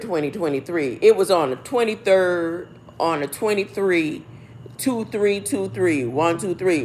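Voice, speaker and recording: A woman's voice: lowish voice, a little hiss or hum. A woman reading a text aloud and musing over it in a casual, rambling way. She often asks a rhetorical "huh?" and corrects herself as she goes.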